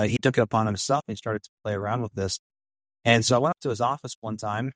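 A man's voice: lowish voice, no echo. A man in an interview telling a story with enthusiasm, acting out quotes in a raised voice. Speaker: film director and writer.

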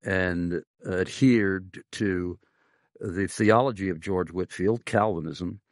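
A middle-aged man with a very low, rumbling voice hosts a faith-based interview. He speaks in a measured way and pauses often with "uh." The recording is dry and close. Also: no room sound. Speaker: pastor and podcast host. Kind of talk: conversational interview.

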